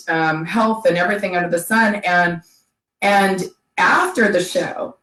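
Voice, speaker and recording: Guest, middle-aged woman, slow unhurried delivery, hesitant, roomy echo. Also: fairly low pitch, fairly bright tone. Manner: halting, many fillers and restarts. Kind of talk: casual interview chat. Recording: echoey room.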